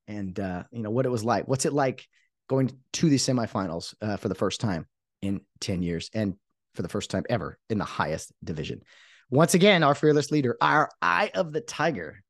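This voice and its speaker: Man, podcast host, excited and emphatic, rambling restarts, middle pitch, dry close sound. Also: no echo.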